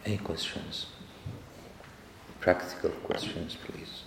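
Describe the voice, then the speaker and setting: A man's voice: slow, noisy background. A man answering questions after a sermon, telling rambling stories with laughter, recorded in an echoey hall. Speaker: church speaker.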